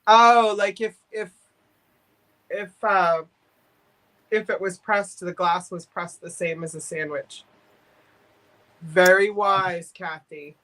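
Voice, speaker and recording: A woman's voice: fairly low pitch, fairly even intonation, takes it slowly, pauses often, fairly bright tone, poor audio. A woman hosting a live vintage sale, chatting and joking often. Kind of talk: casual sales chat.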